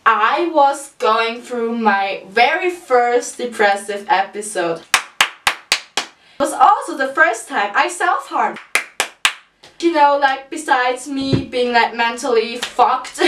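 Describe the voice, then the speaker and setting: A young woman tells a storytime vlog in a chatty, swear-heavy way. Her voice sits fairly high, and it sounds roomy, as if the mic is some way off. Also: a bit bright, distant mic. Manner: chatty, profane, lots of "like" fillers, laughs through it. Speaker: vlogger.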